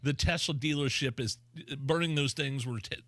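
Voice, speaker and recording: A man's voice: mid-range voice, normal speed, a bit bright, dry recording. A man co-hosting a talk radio show, reacting in an incredulous, mocking way into a studio microphone. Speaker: radio co-host.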